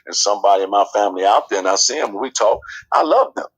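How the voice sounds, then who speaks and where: A man telling a personal family story as a guest, lively and acting out the quotes. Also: fairly low pitch, fast, husky, low-quality recording.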